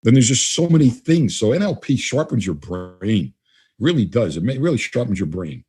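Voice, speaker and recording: A man's voice: on the low side, moderate pace, slightly rough. A man answering interview questions, telling stories and acting out both sides of conversations. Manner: animated, acts out both sides of dialogues. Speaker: guest trainer.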